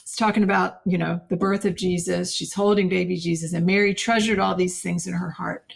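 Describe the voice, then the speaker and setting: A middle-aged woman, a podcast guest, telling a personal faith story in an earnest, animated way and acting out quoted dialogue. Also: fairly low pitch, fairly quick, creaky.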